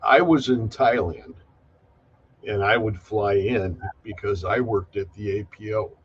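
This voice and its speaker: A man guest recounting his memories in a plain, slightly halting storytelling manner. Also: fairly low pitch, breathy edge, highs cut off. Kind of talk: casual interview, recounting memories.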